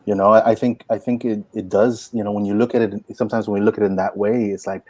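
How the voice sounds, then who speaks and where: A man in his forties, a poet and workshop teacher, telling stories in an animated, folksy way full of "like" and "you know". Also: fairly low pitch, fast, no room sound. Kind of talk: inspirational storytelling talk.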